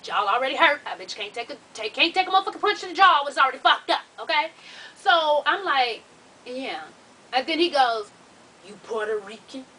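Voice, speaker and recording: A woman vlogger telling a story to her viewers in casual, profane talk, animated and laughing as she goes. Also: sits high, quick pace. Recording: distant mic with faint hiss.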